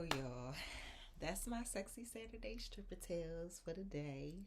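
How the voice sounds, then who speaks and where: A woman's voice: sits low, vocal fry, a little hiss or hum. A young adult woman, telling a story in a casual vlog and acting out the quotes with lots of laughter. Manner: animated, laughs often, acts out quotes. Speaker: vlogger.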